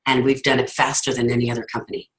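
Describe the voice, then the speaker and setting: A woman's voice: a bass voice, level tone, very fast, poor audio. A woman giving an earnest, emphatic motivational talk over a video call, telling her story to her team. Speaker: team leader hosting a call.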